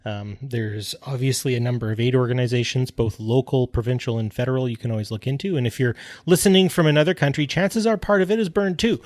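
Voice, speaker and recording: A man's voice: medium pitch, fairly even intonation, fast, few pauses, darkish tone, dry recording. Male podcast co-host, chatty and loose, medium voice, dry recording. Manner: chatty, with frequent fillers and restarts. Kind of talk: casual podcast chat.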